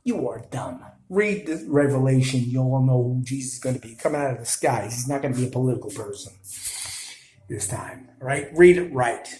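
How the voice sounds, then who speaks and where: A man's voice: medium pitch, brisk, mellow, echoey room, low-quality recording. A man with a New York Italian accent, ranting to viewers in blunt, scolding commentary. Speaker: video commentator.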